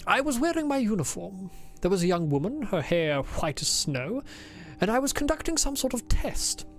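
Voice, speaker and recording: A woman's voice: mid-range voice, sing-song, moderate pace, soft background music. A woman voicing a pompous, insufferable male officer as she reads his game diary aloud in a stiff, formal put-on accent.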